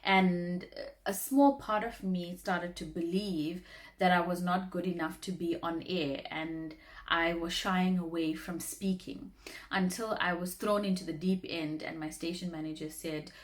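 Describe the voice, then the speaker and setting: A woman's voice: lowish voice, steady tone, a little slow. A woman, a former radio talk show host, giving earnest, encouraging advice in a motivational vlog, often repeating words for emphasis.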